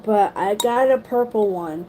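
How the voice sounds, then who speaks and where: A young woman, telling a story to her livestream viewers in an animated way, swearing casually and saying "like" a lot. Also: mid-range voice, measured pace, slight background noise, rough recording. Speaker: livestream host.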